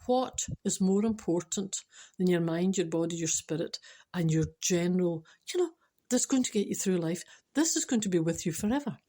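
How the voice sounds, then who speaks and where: A woman's voice: lowish voice, expressive, normal speed, warm tone. Scottish woman, casual joke teller, dry wit, chatty and informal. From Scotland. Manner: chatty, dry wit, restarts and laughs at herself. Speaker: storyteller and speaker.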